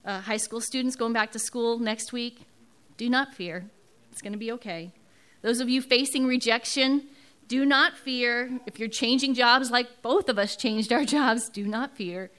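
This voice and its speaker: Bright, earnest woman giving testimony. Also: on the high side, moderate pace. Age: middle-aged. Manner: earnest, emotional, repeats words for emphasis. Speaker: speaker sharing a testimony at a church service. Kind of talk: personal testimony in a sermon.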